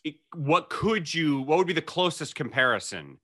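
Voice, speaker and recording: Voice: medium pitch, very animated, normal speed, fairly bright tone, dry recording, studio quality. An interviewer asking casual, encouraging questions.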